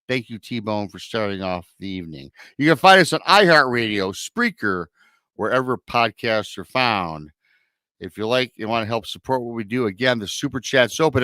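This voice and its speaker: A man's voice: mid-range voice, expressive, moderate pace, pushed and bright, no echo. A man hosting a live podcast show, running through upbeat promotional announcements in a casual, loose way. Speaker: podcast host.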